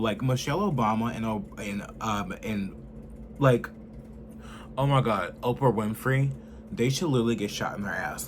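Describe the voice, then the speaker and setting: A man in his twenties ranting heatedly and profanely in a political commentary, swinging from loud outbursts to low muttering. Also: moderate pace, slight background noise. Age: 20s.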